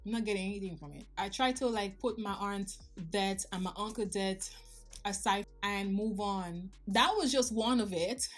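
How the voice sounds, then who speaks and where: A woman's voice: mid-range voice, normal speed, faint music behind. A woman in her thirties talking straight to her viewers in a personal vlog, emotional and confiding, with some slips in her grammar. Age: 30s. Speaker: vlogger. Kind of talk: personal life update vlog.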